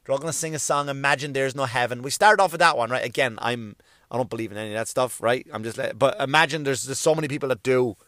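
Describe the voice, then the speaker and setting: A man doing a profane comic rant, swearing constantly and mimicking people in quick bits. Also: medium pitch, a bit bright, dry recording, clean studio sound. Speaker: comedian.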